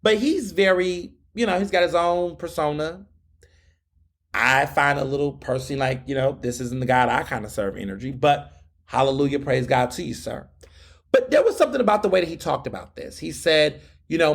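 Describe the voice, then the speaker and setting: Sassy high-voiced man in his thirties. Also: normal speed, creaky, breathy edge. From United States. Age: 30s. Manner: sassy, animated, mocking retorts. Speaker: podcast host. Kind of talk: solo commentary podcast.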